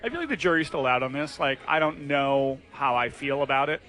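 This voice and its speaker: A man's voice: medium pitch, a little fast. A man in his thirties co-hosting a podcast, chatting casually in a bar and acting out the people in his stories. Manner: animated storyteller, acts out quotes. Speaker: podcast co-host.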